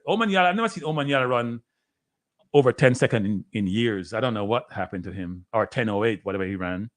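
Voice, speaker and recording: A man with a Jamaican accent hosting a live sports watchalong, excitedly calling the races and chatting to his viewers. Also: mid-range voice. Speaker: livestream host.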